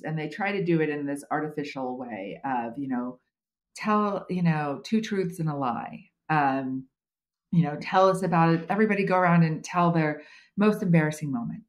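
A woman's voice: low voice, expressive, moderate pace. Chatty, wry American woman. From United States. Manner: humorous, self-deprecating, chatty with many fillers. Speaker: HR consultant and podcast guest. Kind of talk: conversational interview.

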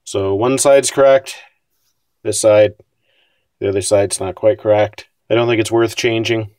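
Man, low voice, wry, self-deprecating, casual hobby build commentary, dry close sound. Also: steady tone, measured pace, darkish tone, no echo. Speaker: scale model builder.

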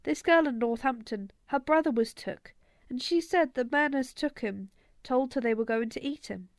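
A scrappy young boy, as a woman puts him on, high in pitch and full of rough slang. He talks fast and sure of himself. The recording is dry and close. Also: dry recording. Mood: excited.

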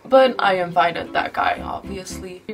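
A woman's voice: fairly low pitch, wildly swooping pitch, measured pace, creaky. Female vlogger telling a storytime, candid and profane, recorded off-mic over light music. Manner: confessional, swears often. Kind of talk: storytime narration. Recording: distant mic with background music.

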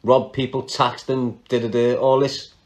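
Man, scouse accent, casual storytelling, slangy, laughs a lot, mid pitch. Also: measured pace. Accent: Liverpool (Scouse). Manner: animated, laughs often, slangy, restarts mid-sentence. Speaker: podcast storyteller. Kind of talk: casual true-crime storytelling.

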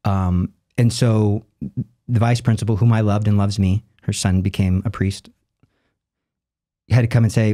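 Guy telling a story on a podcast, jumps way up in pitch doing other people's voices, rattles off the side comments. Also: steady tone, dark tone. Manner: acts out quoted voices with big jumps in pitch; rushes asides in quick bursts. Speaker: guest, lay evangelist. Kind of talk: animated storytelling in conversation.

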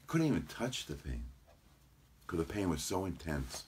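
A man, a chiropractor, chatting as an interview guest and telling lively stories about his patients. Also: deep voice, normal speed, slightly rough. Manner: animated anecdotes, quotes patients in voices. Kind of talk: casual interview storytelling.

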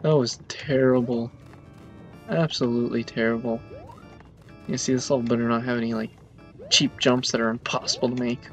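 At a moderate pace broken by long pauses, a man with a flat, mid-range voice commentates his own gameplay. It's let's play commentary, full of dramatic, exasperated complaining about a hard level, recorded on a dull lo-fi mic with faint game music.

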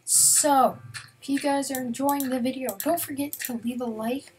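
A young woman giving casual let's-play commentary in a slightly high voice, chatting straight to her viewers. She often slips into a near whisper mid-sentence. A faint hiss sits under the voice. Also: steady tone, normal speed, a little mellow. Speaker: gaming YouTuber.

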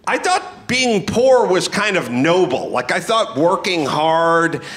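High, bright, shouting ranting man. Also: expressive, slow. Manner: angry ranting, profane, shouting. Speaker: podcast host. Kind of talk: live comedy podcast rant. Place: live comedy club stage.

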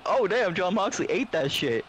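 A man's voice: high-pitched, big pitch swings, normal speed, fairly bright tone, slightly rough. A man casually commentating a wrestling video game with friends, with profane, laughing hype play-by-play. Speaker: gamer mock-commentating a wrestling match. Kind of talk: casual gaming banter.

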